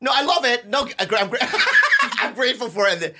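A man's voice: very high-pitched, wildly swooping pitch, a little fast, very noisy. A man co-hosting a podcast in casual, profane, joking chat, often trailing off mid-sentence. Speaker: podcast co-host.

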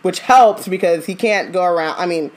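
A woman from Southern California, co-hosting a podcast in casual chat and ranting with animated asides. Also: moderate pace. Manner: animated, ranting, jumps into high mock voices. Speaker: podcast co-host.

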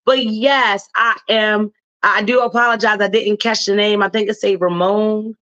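A woman's voice: medium pitch, steady tone, moderate pace, fairly bright tone, highs cut off. A woman from Baltimore with a Baltimore accent, hosting talk radio in a loose, chatty way that is full of slang. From Baltimore, Maryland, USA. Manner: chatty, laughs often, loose slangy phrasing. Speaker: radio host. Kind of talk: casual talk radio commentary.

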